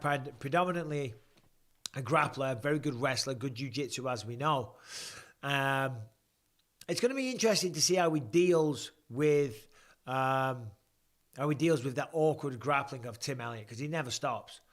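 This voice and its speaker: A man's voice: mid-range voice, moderate pace, a bit bright. A man, chatting bluntly and swearing as he reads viewer questions on a live stream. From England. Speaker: livestream host watching fights.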